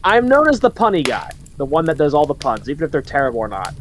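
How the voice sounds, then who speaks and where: A man's voice: on the high side, wildly swooping pitch, quick pace, fairly bright tone, a little hiss or hum. A man chatting casually with friends, mock-indignant and teasing. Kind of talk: casual chat.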